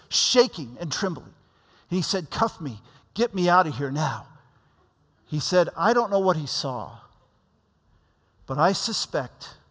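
A man's voice: fairly high pitch, a bit bright. A man preaching a sermon, telling stories and acting out the people in them, his voice rising and dropping for emphasis. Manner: storytelling preacher, voice swells and drops for emphasis. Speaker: pastor. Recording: long hall reverb.

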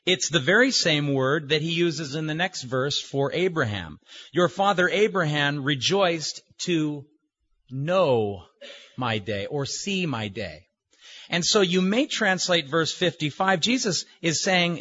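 A man preaching a sermon, slow and emphatic, with deliberate pauses. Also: fairly high pitch, expressive, fairly bright tone. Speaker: pastor. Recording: dull lo-fi recording.

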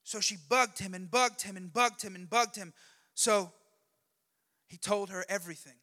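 Man, preacher, high and bright, chatty and jokey storyteller, long hall reverb. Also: moderate pace. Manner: lively, conversational, jokey. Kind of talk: sermon storytelling.

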